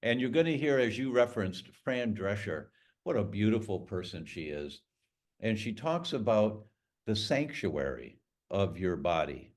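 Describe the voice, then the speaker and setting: A man's voice: lowish voice, big pitch swings, measured pace. A middle-aged man, a doctor guest on a podcast, talking in an emphatic, storytelling way. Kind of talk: podcast interview.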